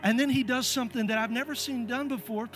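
Middle-aged man preaching in church, higher voice, lively and playful telling of stories. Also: quick pace, soft background music. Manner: animated, acts out voices in stories. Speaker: pastor. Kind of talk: sermon with storytelling. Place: church sanctuary.

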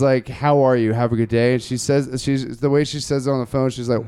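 A man's voice: mid-range voice, steady tone, mellow, clear, resonant tone. Rambling young man in casual chat. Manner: rambling, halting, with many restarts and fillers.

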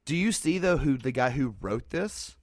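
A man's voice: mid-range voice, animated, moderate pace, dry recording, clean studio sound. A man co-hosting a podcast, casually chatting in an easygoing way. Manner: easygoing, knowledgeable film talk. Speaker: podcast co-host. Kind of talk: casual chat.

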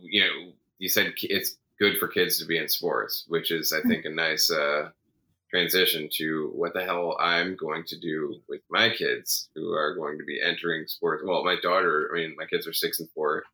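A man's voice: a bass voice, steady tone, normal speed, sharp tone, poor audio. A man in his thirties co-hosting a casual podcast, talking about his kids in a rambling, tired way. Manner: rambling, self-correcting, tired. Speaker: podcast co-host. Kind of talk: casual chat.

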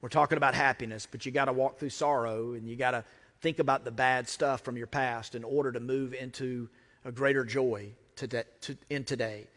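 A man's voice: mid-range voice, steady tone, brisk, fairly bright tone. A man with an American accent preaching a sermon as a pastor, talking conversationally with emphatic repetition. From United States. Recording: long reverb of a large hall.

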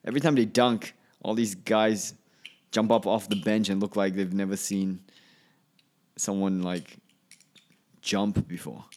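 Comedian guy, fairly low voice, just rambling solo into a home podcast mic. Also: level tone, measured pace, long pauses, a little mellow. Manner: rambling, offhand, trails off and restarts.

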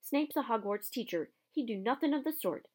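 A woman voicing a huge, gruff male half-giant groundskeeper who talks stubbornly in an audiobook reading. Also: a little high, animated, normal speed, a little mellow. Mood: heated.

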